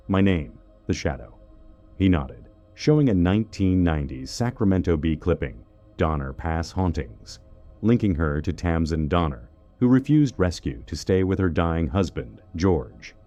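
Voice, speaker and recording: A man's voice: low voice, expressive, unhurried, mellow, soft background music. A man narrating a first-person horror story in a dramatic, scripted way.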